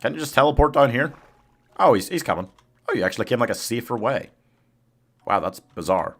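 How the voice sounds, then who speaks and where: A man's voice: mid-range voice, lively intonation, a little fast, fairly bright tone, slightly rough. A man streaming a game live, chatting casually with his chat, laughing often and coaxing his companion along. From United Kingdom.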